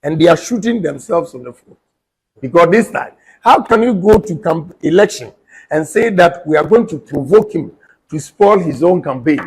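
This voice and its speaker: A man's voice: fairly high pitch, expressive, normal speed, slightly rough, low-quality recording. A Ghanaian man, a politician, making an emphatic, combative political statement and repeating points for stress.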